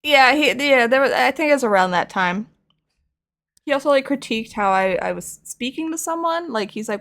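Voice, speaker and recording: Gravelly-voiced young woman rambling casually. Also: a little high, brisk. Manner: rambling, playful, animated storytelling. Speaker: streamer painting figures. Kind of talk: casual chat while crafting.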